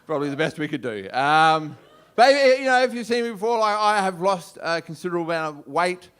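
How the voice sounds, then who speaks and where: A man's voice: a little high, very animated, fairly quick, a bit bright, smooth. A man with an Australian accent doing a brash, swearing stand-up routine on a comedy club stage. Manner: brash, swearing, punchy delivery.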